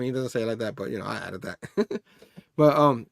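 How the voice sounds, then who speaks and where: A man's voice: on the low side, expressive, a little fast, gravelly, dry recording, clean studio sound. A man hosting a casual comic book review. He rambles, laughs often and reads the characters' dialogue aloud.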